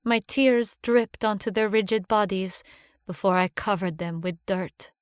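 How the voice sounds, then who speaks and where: A woman reading a first-person horror story aloud in a measured, hushed manner. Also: mid-range voice, dry recording, studio quality. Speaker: narrator. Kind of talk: scripted horror narration.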